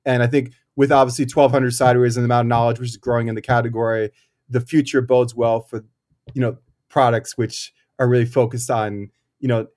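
A man's voice: medium pitch, level tone, darkish tone. A cider maker speaks in an ordinary middle voice, casual and thoughtful. He stops and restarts often, filling gaps with ums as he explains. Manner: thoughtful, halting, many fillers and restarts. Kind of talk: casual interview talk.

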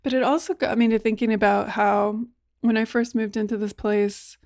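A woman talking casually, animated and full of "like", acting out what she said to others. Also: moderate pace, no echo, studio quality. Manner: animated, acts out quoted exchanges in a higher voice, frequent "like". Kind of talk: casual conversation.

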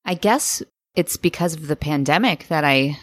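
A woman from the United States with a notably low voice co-hosts a podcast in relaxed chat. She tells stories with lively, expressive turns. The recording is dry and close. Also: moderate pace, no room sound. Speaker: podcast co-host.

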